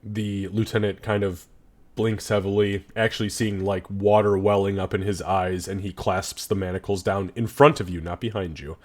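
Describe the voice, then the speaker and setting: A man's voice: on the low side, steady tone, normal speed, darkish tone. A man narrating a tabletop role-playing session as game master, descriptive and swearing freely.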